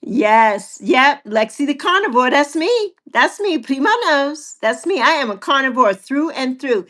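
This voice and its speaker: Chatty woman host, slow and high. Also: animated, a bit bright. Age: 60s. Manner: chatty, repeats herself, reads viewer comments aloud, laughs often. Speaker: livestream host. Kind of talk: casual livestream chat.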